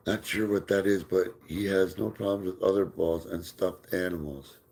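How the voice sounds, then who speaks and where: Low-voiced man chatting on a live stream. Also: fairly even intonation, moderate pace, gravelly. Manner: reads out and answers viewer comments, often drops into soft baby talk for his dog. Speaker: livestream host. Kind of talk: casual live chat with viewers.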